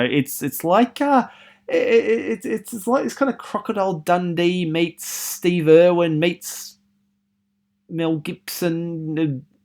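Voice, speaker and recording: A man from Australia giving a recorded film studies lecture, posing many rhetorical questions with frequent ums and restarts. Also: on the high side.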